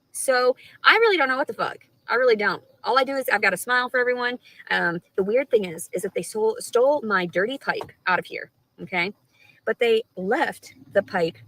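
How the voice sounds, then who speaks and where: A woman's voice: mid-range voice, normal speed, bright, forceful tone, slight background noise, rough recording. A woman talking straight to her live stream audience, rambling and swearing a lot, with an aggrieved tone. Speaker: livestreamer.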